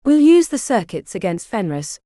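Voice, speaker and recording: A woman's voice: medium pitch, very animated, normal speed, dark tone, no room sound, clean studio sound, lightly acted. A woman reading the part of a determined young female mage who lays out a battle plan in an audiobook.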